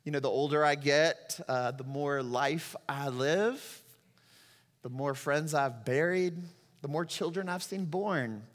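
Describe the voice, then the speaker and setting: A man's voice: a little high, slow, long reverb tail. A middle-aged man preaching a sermon as pastor, emotional and rising to impassioned cries as he reads scripture.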